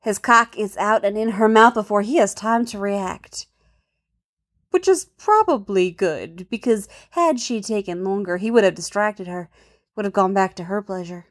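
A woman narrates a story in a soft, intimate voice at a middle pitch. She often sinks to a near hush. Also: moderate pace. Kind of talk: reading an adult fan fiction story.

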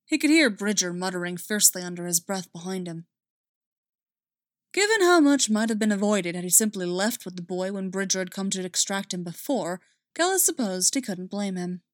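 A woman narrating a story in a measured, expressive reading. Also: mid-range voice, no echo, clean studio sound. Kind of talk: audiobook narration of fan fiction.

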